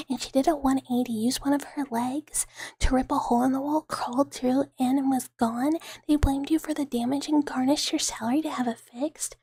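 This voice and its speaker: A woman's voice: high voice, steady tone, a little fast, warm tone, husky, dry recording. A woman streaming ASMR, talking in a whispered role-play in a rambling way with many fillers, close to the mic.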